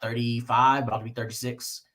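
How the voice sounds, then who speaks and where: A man's voice: mid-range voice, little pitch movement, fairly quick, fairly bright tone. A man co-hosting a podcast, joking and filling in background facts in casual chat. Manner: joking, provocative. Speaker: podcast co-host.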